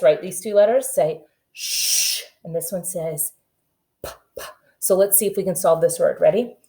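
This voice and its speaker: A woman teaching a kindergarten reading lesson, slowly sounding out letters and words for young children. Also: medium pitch, a little mellow.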